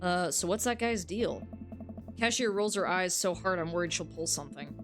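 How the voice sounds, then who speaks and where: A woman's voice: lowish voice, normal speed, music in the background. Chatty woman game streamer. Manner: casual, chatty, frank, swears freely, many restarts. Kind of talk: reading a dating game aloud and chatting with viewers.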